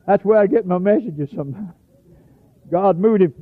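Folksy preacher on a tinny old radio recording. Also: male voice, high-pitched, a little fast, husky. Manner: folksy storytelling, bursts into shouts. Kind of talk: sermon.

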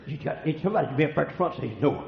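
An older man preaching a sermon, telling folksy stories and swinging between hushed and loud lines. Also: a little high, racing, creaky. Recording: echoey room, dull lo-fi sound.

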